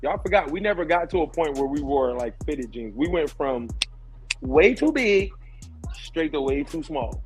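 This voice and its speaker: Animated joking man, podcast chat. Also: fairly high pitch, normal speed, music in the background, low-quality recording. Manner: animated, joking, swears freely. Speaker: podcast co-host. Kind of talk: casual chat.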